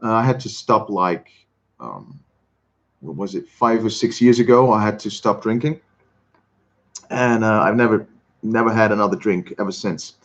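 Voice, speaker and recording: A man from Switzerland, hosting a casual livestream and chatting with viewers in a halting way, often repeating words and chuckling. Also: fairly low pitch, dull audio. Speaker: livestream host. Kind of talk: casual chat reading viewer comments.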